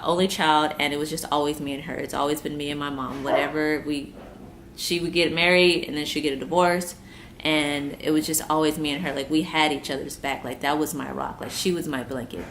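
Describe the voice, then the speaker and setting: A woman's voice: deep voice, fairly bright tone, slight background noise. A woman in her twenties from the United States, talking earnestly to camera about coping with grief, repeating herself and holding back tears. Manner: earnest, repeats herself, trying not to cry. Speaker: vlogger. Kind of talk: personal talk to camera.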